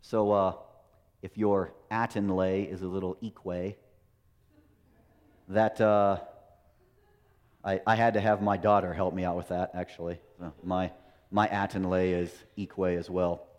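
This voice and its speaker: A man's voice: deep voice, level tone, measured pace, long pauses. A middle-aged American man preaching a sermon, tossing rhetorical questions and "right?" at his listeners. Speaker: pastor. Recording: long hall reverb.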